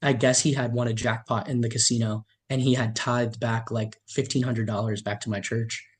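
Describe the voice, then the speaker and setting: A man in his middle pitch range, speaking with a fairly flat, level melody, tells stories as a podcast guest. He comes across as enthusiastic and grateful, restarting his sentences often with "uh". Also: moderate pace. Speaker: podcast guest, hospitality worker and youth leader. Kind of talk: casual storytelling in an interview.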